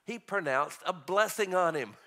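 Bright-voiced, high-pitched male preacher. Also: normal speed. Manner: conversational, animated preaching with chuckles. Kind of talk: sermon.

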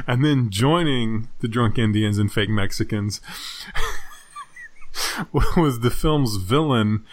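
A man's voice: mid-range voice, huge pitch swings, extremely slow, pauses often. Giggly man reviewing a movie. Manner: laughs often, rambling with restarts. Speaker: podcast co-host. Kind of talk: casual movie review chat.

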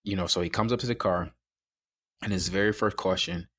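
A young man in his twenties calmly telling a personal story in casual conversation, quoting others as he goes. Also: deep voice, fairly quick, slightly rough, no echo.

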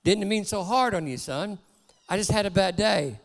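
A man voicing an angry, overworked father in a sermon story, scolding and shouting at his son. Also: high-pitched, lively intonation, moderate pace, creaky, long reverb tail. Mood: calm, apologetic.

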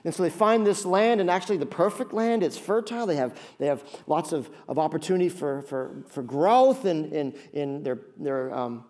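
A man preaching a sermon, telling a story with animated asides and acted-out voices. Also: on the high side, moderate pace, few pauses. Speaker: pastor.

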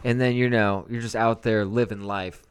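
A man's voice: fairly low pitch, steady tone, moderate pace, clear, resonant tone. A young man co-hosting a podcast, chatting casually in a laid-back, rambling way and laughing along. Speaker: podcast co-host. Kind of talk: casual chat.

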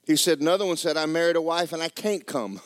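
A man preaching a sermon, swinging from loud exhortation to quiet, joking asides. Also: on the high side, fast, no room sound, clean studio sound.

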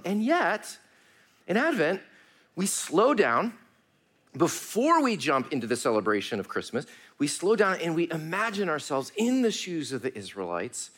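A man preaching a sermon. His voice is fairly high for a man and very lively in pitch. He swings between raised, pleading lines and hushed, low passages, and speaks to his listeners as friends. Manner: addresses congregation warmly as friends, uses y'all. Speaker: pastor.

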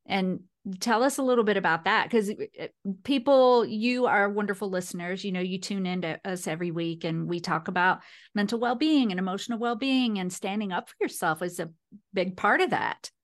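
A woman's voice: medium pitch, a little fast. Woman hosting a podcast, encouraging tone. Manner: warm, encouraging questions, addresses listeners. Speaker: podcast host. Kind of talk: casual interview.

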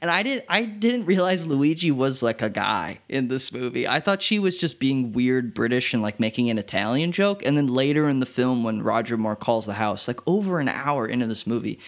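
A man co-hosting a podcast who retells film scenes in a lively, casual way and voices the characters. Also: mid-range voice, brisk, hardly any pauses. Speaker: podcast co-host.

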